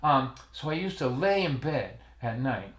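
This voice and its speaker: A man's voice: mid-range voice, big pitch swings, a little slow, fairly bright tone. A man in his sixties with a strong Boston accent, chatting casually and telling stories to a livestream audience, rambling and laughing often at himself. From Massachusetts, USA. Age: 60s. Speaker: folk singer and storyteller hosting a livestream. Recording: roomy echoey sound.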